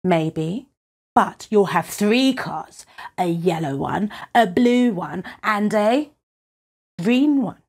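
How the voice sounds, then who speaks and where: A woman voicing an eager, sly young boy in a read-aloud picture book, in a bright, excited, pleading way. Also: mid-range voice, slow.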